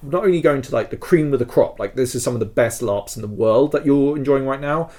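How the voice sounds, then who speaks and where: A man's voice: mid-range voice, a little fast, darkish tone. Rambling man telling a podcast story. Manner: rambling, filler-heavy, emotional. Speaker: podcast co-host.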